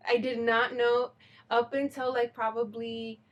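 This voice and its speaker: Giggly woman with a higher voice. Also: flat delivery, a little slow, muffled recording. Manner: giggly, storytelling. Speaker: podcast co-host. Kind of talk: casual chat.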